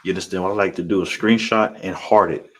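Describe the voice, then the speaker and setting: Deep-voiced man teaching a class. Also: fairly even intonation, a bit bright, poor audio. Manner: repetitive, checks in with "all right?" and "you understand?"; slow, drawn-out pronunciation drills. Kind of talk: classroom lesson on Hebrew numbers. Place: classroom with a board.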